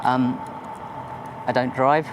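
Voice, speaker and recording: Standing outdoors on a mountain top, a science teacher presents a documentary to camera, a little out of breath. His mid-range voice is level and slow, and his manner is chatty, informal and self-deprecating. Background noise is audible.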